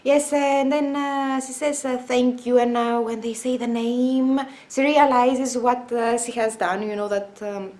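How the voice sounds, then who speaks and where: A young woman talking casually about a TV episode, enthusiastic and emotional, with frequent pauses and filler sounds. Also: sits high, steady tone. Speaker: vlogger.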